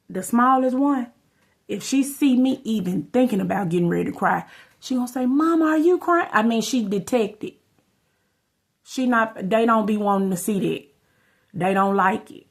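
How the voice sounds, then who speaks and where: A woman's voice: medium pitch, vocal fry. A woman tells her story to camera in a loose, rambling way. She keeps turning to her viewers with "y'all" and "you know what I'm saying." Her talk is casual and unscripted. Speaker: vlogger.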